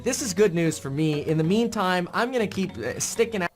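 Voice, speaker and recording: A man's voice: sits high, lively intonation, a little fast, soft background music. A man talking casually as he reacts to the news, reading quotes aloud and then commenting with easygoing fillers.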